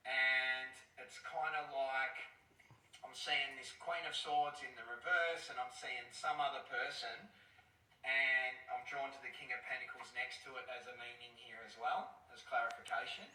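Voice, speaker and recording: A man's voice: mid-range voice, steady tone, moderate pace, pushed and bright. A man giving an emphatic tarot reading, repeating his points. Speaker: tarot reader. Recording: roomy, distant video audio.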